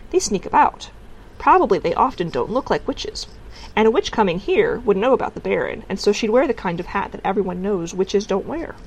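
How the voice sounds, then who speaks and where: Clever young girl, calm and matter-of-fact, played by a woman. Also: medium pitch, brisk, breathy edge, muffled recording.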